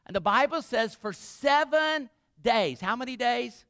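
A man's voice: extremely high pitch, expressive, measured pace, fairly bright tone, no echo, studio quality. A man pastor preaching a sermon, retelling a story dramatically and asking the congregation questions.

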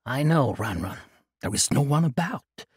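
A man voicing a cautious young man who speaks in a hushed, wary voice in an audiobook. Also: mid-range voice, animated, normal speed, breathy edge, no room sound, studio quality.

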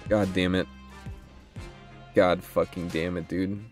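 A young man giving excitable gameplay commentary, thinking aloud about his moves and swearing often. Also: deep voice, slow pace, soft background music. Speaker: gaming channel host.

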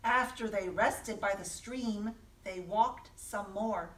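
Slow, bright-voiced woman reading a picture book. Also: mid-range voice. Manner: gentle, asks listeners questions. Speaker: children's librarian. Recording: echoey room, voice from a distance.

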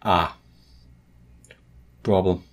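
A man doing let's play commentary on a horror game, excitable and jumpy, swearing often. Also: sits low, very slow, noisy background. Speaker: gaming streamer.

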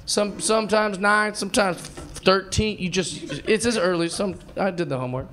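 A man in his thirties doing brash live stand-up comedy, swinging between shouted punchlines and muttered asides. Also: high-pitched, normal speed. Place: comedy club stage with a laughing audience. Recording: live club recording with audience noise.

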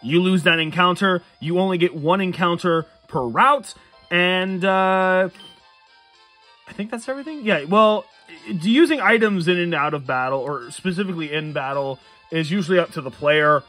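A man's voice: high-pitched, moderate pace, sharp tone, soft background music. A man giving casual let's-play commentary late at night, tired, rambling and chuckling at his own jokes. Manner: rambling, self-amused, chuckles often. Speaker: gamer playing a Nuzlocke run.

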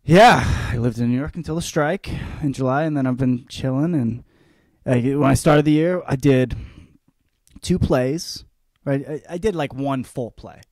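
A man's voice: mid-range voice, measured pace, a little mellow, dry recording. Cocky, profane man rambling dry. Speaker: podcast host. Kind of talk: rambling comedic monologue.

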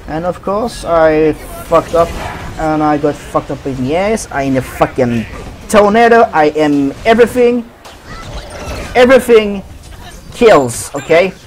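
A man's voice: on the high side, a little slow, a little hiss or hum. A man giving profane commentary over his own gameplay, trash-talking opponents. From Sweden. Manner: swears a lot, trash-talks opponents. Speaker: gaming commentator.

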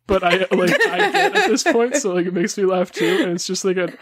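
A man's voice: sits high, sing-song, a little fast, fairly bright tone, husky, dry recording. A man co-hosting a podcast, telling a loose, rambling story in casual chat with lots of filler words. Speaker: podcast co-host.

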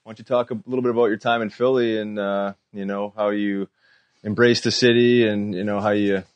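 A man with a low voice co-hosts a casual hockey chat, asking questions in an easygoing, unhurried way with plenty of fillers. His voice sounds close and dry, with no room around it. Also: no echo, lo-fi sound. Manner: relaxed, easygoing, lots of fillers. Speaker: podcast co-host and former hockey player.

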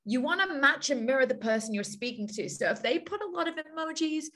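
A woman's voice: high-pitched, expressive, a little fast, a bit bright. A woman hosting a team video call, coaching listeners in an upbeat way and repeating her key points. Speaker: call host.

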